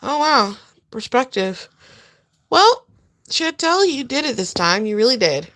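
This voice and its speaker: A woman's voice: on the high side, very animated, moderate pace, fairly bright tone. A woman giving blunt, profane, mocking reaction commentary on a video. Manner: mocking, blunt, swears often.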